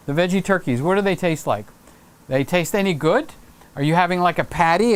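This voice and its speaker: An excitable, jokey man hosting a casual livestream from a home room, reading out viewer comments with lots of fillers and teasing. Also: on the high side, moderate pace, smooth. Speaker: livestream host. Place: home room with Christmas tree set.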